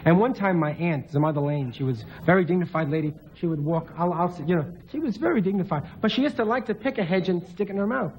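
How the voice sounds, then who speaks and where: Excitable man with a high voice, guest on a talk show, rambling comic storyteller. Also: fast, few pauses, a little hiss or hum. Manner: rambling, excitable, laughs often, acts out voices.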